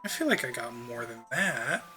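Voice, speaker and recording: A man's voice: medium pitch, big pitch swings, normal speed, music in the background. A man streaming a video game, chatting casually and answering chat in a rambling way with frequent ums.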